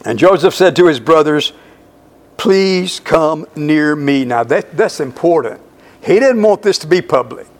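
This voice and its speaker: A male pastor preaching slowly through a Bible passage, stressing key words and repeating lines for emphasis. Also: a little high, lively intonation. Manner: slow, emphatic Bible exposition. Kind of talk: sermon.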